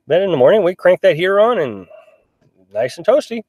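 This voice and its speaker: A man's voice: high-pitched, very animated, fairly quick, a little mellow, no room sound. Chatty middle-aged man, dry sound. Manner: chatty, rambling, many restarts and fillers. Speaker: live-stream host reading viewer comments. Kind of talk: casual live-stream chat. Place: in a small pop-up camper.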